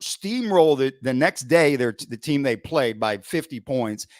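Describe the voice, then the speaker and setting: A man's voice: mid-range voice, a little slow, dry recording, clean studio sound. Chatty male football coach telling stories. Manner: lively storyteller, frequent "right?" asides, occasional swearing. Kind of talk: casual anecdote storytelling.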